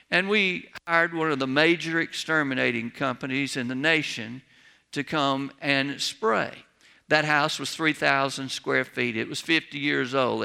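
A man's voice: fairly high pitch, gravelly, bright, forceful tone. A man, a pastor, preaching a sermon in a church with folksy, humorous storytelling. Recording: long reverb of a large hall.

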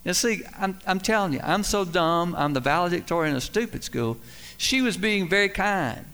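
A middle-aged man preaching a sermon, telling folksy, self-deprecating stories with emphatic swings in loudness. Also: sits high, animated, normal speed, slight background noise. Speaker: pastor. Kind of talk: sermon with storytelling.

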